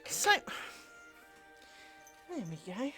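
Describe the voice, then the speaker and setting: A woman's voice: a little high, very animated, extremely slow, sharp tone, faint music behind. Chatty rambling woman streamer. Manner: rambling, self-deprecating, chatty with frequent fillers. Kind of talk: casual chat while crafting on a live stream.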